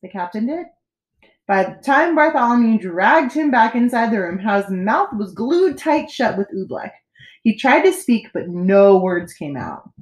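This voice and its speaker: A woman teacher reading a children's storybook aloud with expressive, animated storytelling. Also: fairly high pitch, measured pace, reverberant.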